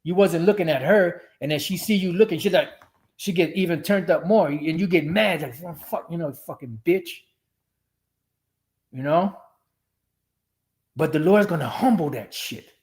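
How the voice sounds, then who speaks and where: A man's voice: a little high, normal speed, a little mellow. A man ranting religious commentary on a stream, profane, rambling and emphatic.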